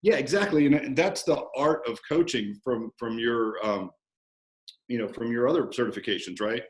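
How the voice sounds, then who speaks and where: A man guest talking about coaching in a relaxed, animated interview, often acting out conversations. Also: mid-range voice, normal speed, echoey room. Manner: animated storyteller, acts out coach-client banter. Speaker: fitness business owner, guest.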